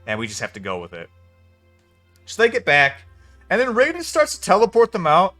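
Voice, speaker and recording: A man's voice: high voice, huge pitch swings, brisk, fairly bright tone, soft background music. A man giving a casual spoken film review, venting in an exasperated, profane way. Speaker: movie reviewer.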